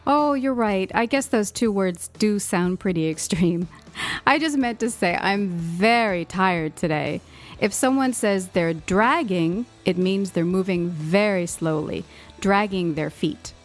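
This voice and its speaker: A woman's voice: mid-range voice, a little slow, soft background music. Woman co-host, drowsy and apologetic, explains words in a lesson. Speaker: podcast co-host. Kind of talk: scripted English-lesson dialogue.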